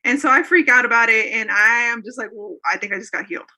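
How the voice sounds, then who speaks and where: A woman's voice: on the high side, very fast, few pauses, pushed and bright. A woman in her thirties or forties, a guest telling a personal faith story in an earnest, rambling way with many fillers and restarts. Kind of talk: casual conversational storytelling.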